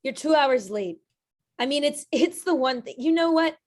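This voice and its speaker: A woman reading the part of an exasperated ex-wife in an amateur script table read, sharp and then quietly worried. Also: high voice, expressive, normal speed.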